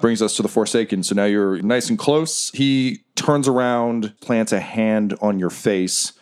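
A man running a tabletop game as game master, with lively, dramatic narration. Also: on the low side, a little slow, clear, resonant tone.

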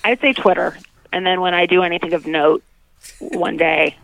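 A woman's voice: on the low side, moderate pace, vocal fry, a bit bright, low-quality recording. A woman guest on a podcast in casual chat, self-deprecating and giggly.

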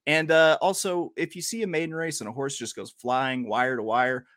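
Guy hosting a racing podcast, bright tense voice, jokey and rambling, dry close sound. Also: mid-range voice, steady tone, moderate pace, dry recording. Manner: joking, rambling asides. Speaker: podcast host. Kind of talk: casual horse racing chat.

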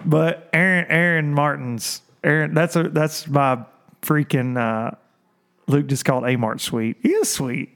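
A male host with a slightly raised voice tells a rambling fishing story, laughing often. He slips into little voices to quote friends, and his delivery stays loose and animated. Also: a little high, unhurried. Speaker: podcast host. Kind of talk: casual storytelling chat.

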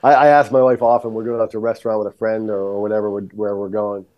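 A man in his fifties, a high school football coach, talking in an upbeat, encouraging way as a podcast guest. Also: level tone, quick pace, dull audio. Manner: upbeat, encouraging, easy agreement. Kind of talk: casual podcast interview.

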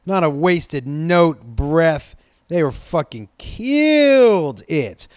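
Brief: rambling, profane male storyteller from Los Angeles, slightly high voice, dry close sound. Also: very animated, very slow, a little mellow, dry recording. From Los Angeles, USA. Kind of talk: casual storytelling.

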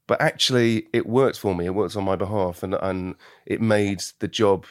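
Low-voiced British actor, chatty. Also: male voice, normal speed, hardly any pauses, dry recording, studio quality. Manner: reflective, laughs often, restarts sentences. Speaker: actor, guest. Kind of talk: casual interview chat.

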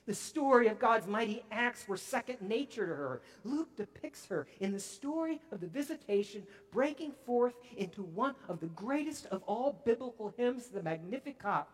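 A man preaching a sermon as pastor, emphatic and swinging from near-whispers to booming declarations. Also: lively intonation, moderate pace, hardly any pauses.

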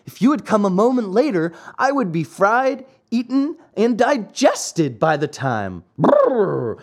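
A man's voice: very high-pitched, huge pitch swings, takes it slowly, pitched above the performer's own voice, full character voice. A man voicing a frightened little wooden marionette boy in an audiobook, pleading and trembling. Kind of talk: audiobook character voice.

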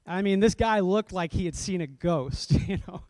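A man's voice: high voice, normal speed, darkish tone, no room sound. A man serving as a pastor, telling a self-deprecating story in a sermon and laughing often as he goes.

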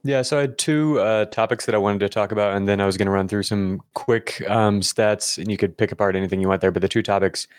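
A man's voice: fairly low pitch, steady tone, fast, hardly any pauses. A man who covers the stats on a sports podcast, easygoing and joking along with the hosts. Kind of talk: casual sports chat.

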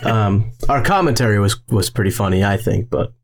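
Low-voiced laid-back male co-host. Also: expressive, fairly quick, over music. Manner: laid-back, hesitant with fillers. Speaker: podcast co-host. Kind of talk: casual chat.

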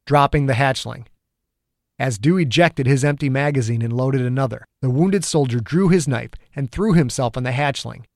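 A man's voice: mid-range voice, gravelly, no echo, studio quality. Man narrating a dramatic thriller. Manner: dramatic, measured storytelling. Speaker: author narrating his serialized story. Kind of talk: scripted audiobook narration.

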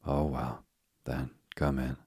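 A curt, evasive rabbit voiced by a man reading a storybook answers in an extremely deep, flat voice. His tone is husky and dry, with little rise or fall. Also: slow, no room sound, heavily acted. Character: evasive male rabbit hiding in his burrow.

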